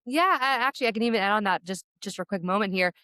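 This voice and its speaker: A woman's voice: mid-range voice, rapid-fire, sharp tone, dry recording. A woman who founded a sports agency, talking eagerly as an interview guest. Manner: eager, enthusiastic. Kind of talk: conversational interview.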